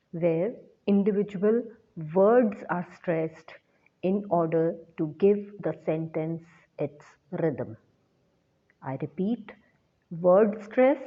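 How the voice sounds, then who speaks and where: A woman teaching an English lesson in a measured, deliberate way, repeating her key points. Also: lowish voice. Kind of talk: slow lecture. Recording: dull lo-fi recording.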